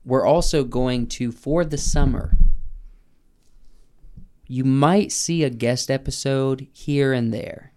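A man's voice: mid-range voice, slow, long pauses, a little mellow. A young man co-hosting a podcast in casual chat, rambling and laughing often. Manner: rambling, laughs often, jumps in over others. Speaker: podcast co-host.

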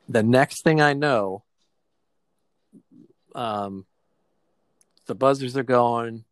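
A man's voice: medium pitch, extremely slow, pauses often, smooth, no echo. A man in his forties from New Jersey, casually and reflectively retelling a personal therapy experience with quoted dialogue. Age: 40s.

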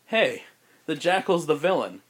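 A man hosting a podcast, casually pitching a film plot in a rambling way, full of "like" and restarts. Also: fairly quick, a bit bright. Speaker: podcast host.

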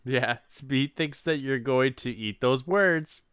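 Male co-host with a bright, smooth voice and a very slow, dry delivery of wry comedic asides. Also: medium pitch. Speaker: podcast co-host. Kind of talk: casual comedic chat.

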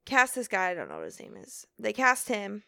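Bright, gravelly-edged young woman chatting. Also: mid-range voice, no room sound. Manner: chatty, animated, quick quoted asides. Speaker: podcast co-host. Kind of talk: casual chat.

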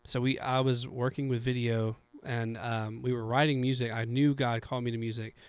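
A man's voice: medium pitch, level tone, moderate pace, clear, resonant tone, no echo. Young male podcast co-host, earnest and rambling, clean close sound. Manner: earnest, filler-heavy storytelling. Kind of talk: casual faith conversation.

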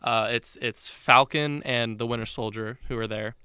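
A man's voice: medium pitch, steady tone, normal speed, sharp tone, smooth, no echo, clean studio sound. A young man in casual chat, retelling a film in a rambling way full of fillers and restarts.

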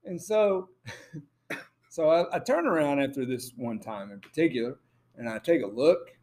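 A man's voice: a little high, normal speed. A man co-hosting a podcast, telling a story in a giggly way with frequent laughter. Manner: giggly, animated storyteller who laughs often. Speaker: podcast co-host. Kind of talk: casual storytelling.

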